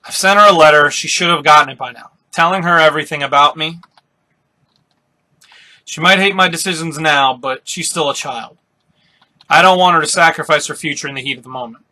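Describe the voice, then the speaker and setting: A grave middle-aged father speaks of his dark past in a low, earnest way, as a man reads him. The voice stays bright and clear, measured and steady. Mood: solemn.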